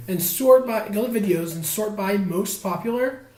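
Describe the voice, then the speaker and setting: A young man with a hoarse voice from laryngitis, co-hosting a casual podcast and rambling with many fillers. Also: high voice, moderate pace, reverberant, noisy background. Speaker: podcast co-host. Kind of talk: casual chat.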